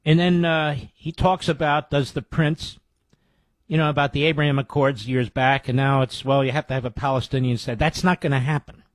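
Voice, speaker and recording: A man's voice: mid-range voice, steady tone, moderate pace, no echo. A man hosting a talk radio show, giving blunt political commentary in short declarative statements.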